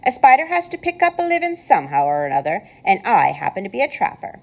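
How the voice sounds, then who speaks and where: A woman voicing a pleasant, clever female spider with a thin voice, calm and matter-of-fact in a storybook read-aloud. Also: mid-range voice, quick pace, gravelly, voice pushed up. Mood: calmly explaining.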